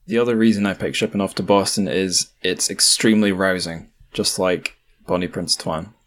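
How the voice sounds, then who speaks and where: Scottish male co-host, deep voice, relaxed chat, wry asides. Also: moderate pace. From Scotland. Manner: chatty, joking asides. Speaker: podcast co-host. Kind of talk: casual chat.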